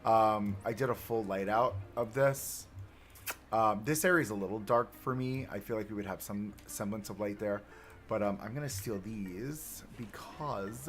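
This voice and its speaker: A young man chatting to himself and his viewers as he builds in a live game stream. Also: fairly low pitch. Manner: chatty, self-talking while building. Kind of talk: live gameplay commentary.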